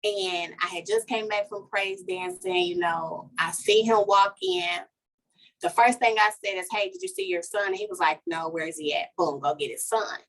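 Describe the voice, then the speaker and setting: A woman, a life coach guesting on a podcast, telling a personal story in a lively, heartfelt way and talking straight to listeners. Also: mid-range voice, normal speed. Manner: animated storytelling, talks to listeners as "y'all". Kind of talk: casual podcast conversation, personal testimony.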